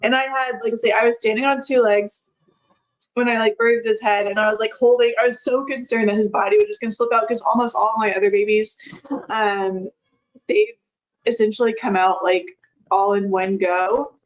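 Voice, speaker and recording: A woman's voice: fairly high pitch, steady tone, normal speed, rough recording. A woman telling a personal story as a podcast guest, in a chatty way with frequent laughs and many filler words.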